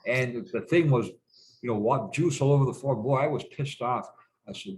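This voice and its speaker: A man's voice: mid-range voice, moderate pace, heavy background noise. Rambling, hesitant man. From Canada. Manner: rambling and hesitant, heavy fillers and restarts, salty swearing. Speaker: guest. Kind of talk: casual reminiscing conversation.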